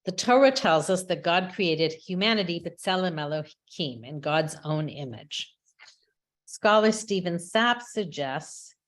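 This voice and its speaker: A woman giving a measured, reflective prepared talk as a webinar speaker, with small restarts now and then. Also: on the low side. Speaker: rabbi and chaplain speaker. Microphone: webinar microphone.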